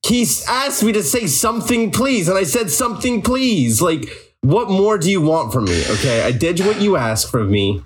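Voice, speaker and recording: Young guy co-host, deadpan teasing, lively pitch, noisy clicky recording. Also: normal speed. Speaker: podcast co-host. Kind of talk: casual chat.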